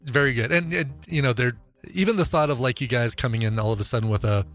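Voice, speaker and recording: A man's voice: mid-range voice, a bit bright. A man hosting a podcast, talking casually with many fillers and restarts. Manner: halting, lots of fillers and restarts. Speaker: podcast host.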